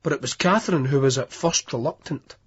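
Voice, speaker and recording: A man narrating an audiobook in a steady storytelling manner, in a dull lo-fi recording. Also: medium pitch, brisk, husky. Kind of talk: scripted narration.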